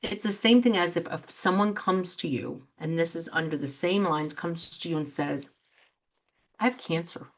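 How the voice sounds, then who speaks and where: A woman's voice: on the low side, moderate pace. A woman life coach giving an earnest motivational talk to listeners, acting out quoted reactions as she speaks. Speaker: life coach and show host. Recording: dull lo-fi sound.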